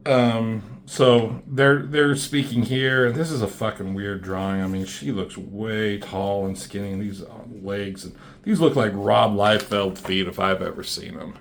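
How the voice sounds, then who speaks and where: A man's voice: lowish voice, fairly even intonation, unhurried, gravelly, slight background noise. A man casually talking through comic book pages, rambling and swearing, with lots of fillers and restarts.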